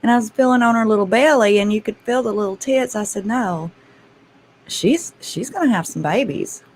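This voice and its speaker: A woman's voice: fairly high pitch, animated, moderate pace, a little mellow, slight background noise, poor audio. A woman, a grandmother and channel host, chatting casually and laughing often as she tells stories to her viewers. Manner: chatty, laughs often, addresses listeners as y'all.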